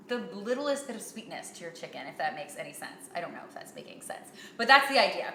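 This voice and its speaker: A Canadian woman in her thirties hosts a live cooking show, answering viewer questions in a chatty, upbeat way. Her voice is bright and forward. The home kitchen around her gives it a roomy echo. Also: mid-range voice, a little hiss or hum.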